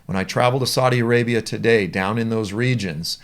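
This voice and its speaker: Man, Bible teacher, gravelly voice, chatty storytelling. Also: medium pitch, a little fast. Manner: conversational, animated storytelling.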